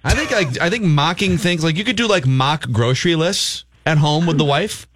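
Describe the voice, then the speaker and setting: A man's voice: fairly high pitch, expressive, normal speed, a bit bright, no room sound, clean studio sound. A man hosting a casual sports radio chat, loose and hesitant with many fillers.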